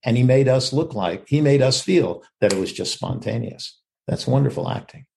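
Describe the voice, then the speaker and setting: A man's voice: mid-range voice, expressive, normal speed, gravelly, darkish tone, a little hiss or hum. An older man, an actor, talking reflectively about acting in an interview and acting out quoted lines as he goes. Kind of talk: conversational interview.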